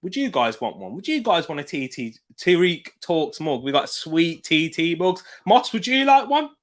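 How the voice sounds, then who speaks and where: A British man with a fairly high, sing-song voice hosts a live football watch-along stream at a moderate pace. He chats casually, laughs often and reads out viewer comments, sitting back from his desk mic.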